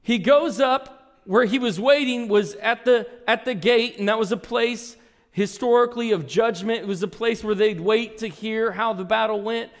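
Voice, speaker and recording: Male pastor with a high voice, preaching earnestly in a big echoing sanctuary. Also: moderate pace. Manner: earnest storytelling, reads and retells scripture. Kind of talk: sermon. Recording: long reverb in a large hall.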